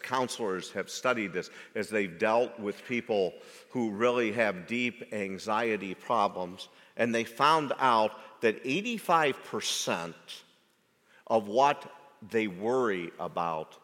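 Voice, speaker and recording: A man preaching a sermon as a pastor, measured and deliberate, building to emphatic rhetorical questions. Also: fairly low pitch, animated, a bit bright, in a large hall.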